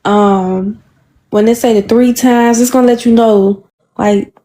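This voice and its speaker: A woman's voice: on the high side, fairly even intonation, unhurried, warm tone. A young woman with a Chicago accent, chatting casually and rambling with many fillers as a guest. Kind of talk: casual chat.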